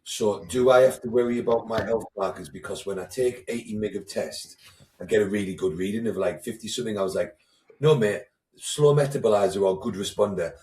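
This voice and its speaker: A man's voice: fairly low pitch, fast talker, a little mellow, echoey room, far from the mic. A man co-hosting a casual podcast chat, blunt and swearing freely as he retells conversations. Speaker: podcast co-host, coach.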